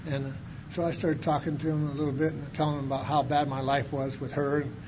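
A fairly high-pitched man tells his recovery story in a folksy, plain-spoken way, rising to loud outbursts and then dropping to a hush. The recording is dull and lo-fi, with a faint hiss behind him. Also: flat delivery, fast talker. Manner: folksy, colloquial storytelling, swinging from loud to hushed. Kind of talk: personal recovery testimony.

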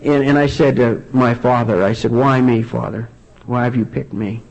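A man speaking earnestly at a recovery meeting, sharing a personal testimony with many halting restarts. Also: mid-range voice, fairly even intonation, creaky, darkish tone. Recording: dull lo-fi recording.

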